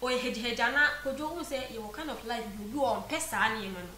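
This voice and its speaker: Ghanaian woman host, higher bright voice, prompting questions, echoey room with faint noise. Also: fast. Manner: prompting questions, steady explaining. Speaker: show host. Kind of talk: casual chat show discussion.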